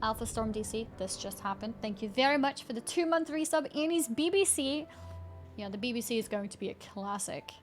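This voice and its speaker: A woman's voice: on the high side, lively intonation, brisk. A woman livestreamer chatting casually, thanking viewers and giggling while playing a game. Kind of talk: casual gaming stream chat. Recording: game music underneath. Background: game music.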